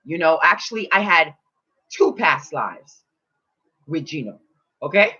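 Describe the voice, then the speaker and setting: A woman spiritual teacher telling a personal story in casual, animated talk, swearing freely and acting out quotes. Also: low-pitched, unhurried, slightly rough. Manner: animated, swearing, acts out quotes in loud voices. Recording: dull lo-fi recording.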